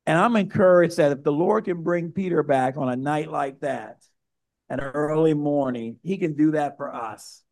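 A man's voice: fairly high pitch, normal speed, darkish tone. A male pastor preaching a sermon, building to emphatic, repeated outbursts.

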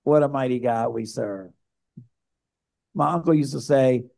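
A man's voice: mid-range voice, unhurried, gravelly, long pauses, dark tone. A male pastor preaching a sermon, building to emphatic, repeated outbursts.

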